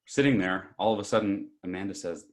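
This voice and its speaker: A man co-hosting a podcast and telling stories in an animated, casual way. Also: low-pitched, quick pace. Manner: animated, breaks into shouts and laughter while telling stories. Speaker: podcast co-host. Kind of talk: casual storytelling chat.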